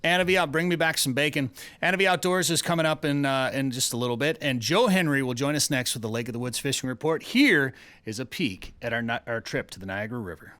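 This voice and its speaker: Bright-voiced male radio show host. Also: medium pitch, fast, hardly any pauses, slight background noise. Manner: chatty, loose storytelling with restarts. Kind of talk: casual radio banter and trivia.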